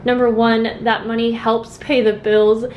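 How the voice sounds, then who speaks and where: A woman's voice: fairly high pitch, little pitch movement, unhurried, lo-fi sound, a little hiss or hum. A young woman vlogging from home about her handmade journals, chatty and earnest, rambling between thoughts. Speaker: craft vlogger. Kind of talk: casual chat to camera.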